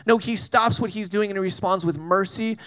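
A man's voice: high voice, fairly quick, a bit bright. A man preaching a casual sermon, telling a Bible story with jokes and acted-out asides. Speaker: pastor.

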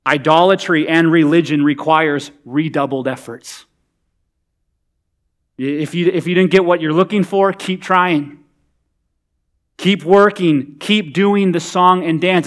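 A man's voice: on the high side, slow. A man preaching a sermon in a conversational, humorous, emphatic way. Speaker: pastor.

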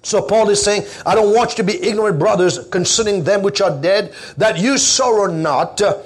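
A man's voice: high voice, moderate pace. A man preaching a fervent sermon, leading the congregation in call-and-response. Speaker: pastor.

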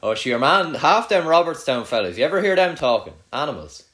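A man's voice: fairly high pitch, big pitch swings, fairly quick, fairly bright tone. A young man with an Irish accent from Kildare, hosting casual banter with a friend, teasing and swearing a lot, with many "like"s.

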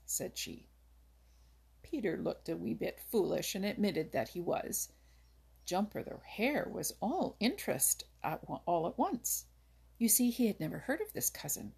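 Slow, husky woman reading a story. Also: fairly low pitch, expressive, a little mellow. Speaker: narrator.

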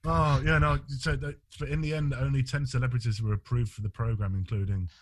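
A man's voice: medium pitch, fairly even intonation, fairly quick. A man hosting a podcast in casual chat, sweary, laughing often and trailing off mid-sentence. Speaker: podcast host.

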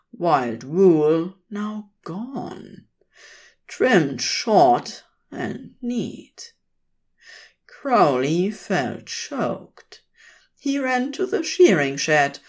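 A woman reading a story aloud as a podfic narrator, in an expressive, unhurried way. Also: lowish voice. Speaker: podfic reader.

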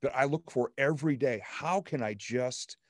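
A man as a podcast guest, telling everyday stories in an upbeat, animated way. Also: medium pitch, normal speed, no room sound, clean studio sound. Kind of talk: conversational storytelling.

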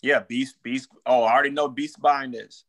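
A man's voice: medium pitch, fairly even intonation, moderate pace, a bit bright. A man, a real estate wholesaler, chatting casually on a podcast in loose slang and acting out sample phone calls.

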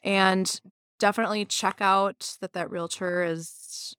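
A woman's voice: mid-range voice, steady tone, measured pace, fairly bright tone, clean tone, no room sound, studio quality. A woman working as a real estate agent, explaining the homebuying process steadily in a casual podcast interview with many "you know"s.

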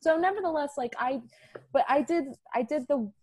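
A woman telling her story as a guest in a casual interview, chatty and lively, with plenty of fillers. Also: high-pitched, moderate pace. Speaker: guest, dog business owner.

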